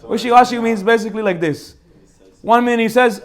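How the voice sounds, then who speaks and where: Fast, high-voiced rabbi telling stories. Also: male voice. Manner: animated and joking, acts out characters. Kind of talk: informal Torah class with storytelling.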